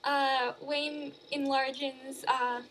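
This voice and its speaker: A woman casually recapping a movie in a chatty, animated way. She uses lots of fillers and corrects herself as she goes. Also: high-pitched, drawn-out words, slight background noise. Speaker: movie reviewer.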